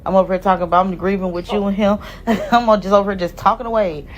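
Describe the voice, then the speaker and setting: A woman's voice: medium pitch, fairly even intonation, fast talker. A woman talking on a phone during a live stream, rambling emotionally about her life.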